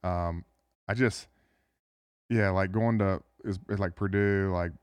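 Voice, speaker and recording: A low, smooth male voice, recorded close and dry in a studio. He is a former football player in his thirties, answering questions casually, pausing often and restarting his sentences with plenty of fillers. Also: fairly even intonation, no echo. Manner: halting, lots of fillers and restarts. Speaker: NFL tight end guest. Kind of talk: casual podcast interview.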